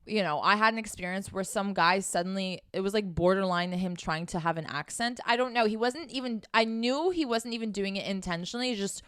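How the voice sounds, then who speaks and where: A woman's voice: mid-range voice, brisk, hardly any pauses, a bit bright, clean tone, dry recording, clean studio sound. Frank, profane woman giving dating advice. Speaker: dating and sex coach. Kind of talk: casual advice vlog.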